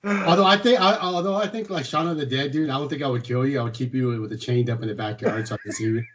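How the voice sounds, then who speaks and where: A man co-hosting a casual podcast chat, relaxed and slangy, with bursts of enthusiasm. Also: medium pitch, quick pace, dull audio. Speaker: podcast co-host.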